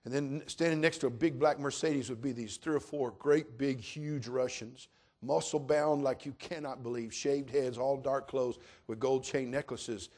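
A middle-aged male pastor delivering a sermon at an ordinary, mid-range pitch. He tells his story plainly, then swells into loud, emphatic preaching. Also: steady tone, moderate pace.

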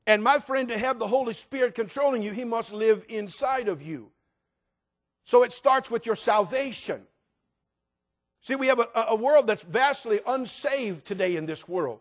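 A middle-aged male pastor preaching a sermon and telling a folksy personal story, dropping low and then rising to shouts. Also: lively intonation, normal speed.

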